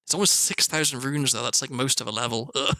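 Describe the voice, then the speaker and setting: A British man with a medium-pitched, pushed and bright voice talks fast while streaming a game, with no room sound. His casual commentary rambles and keeps interrupting itself, game music running underneath.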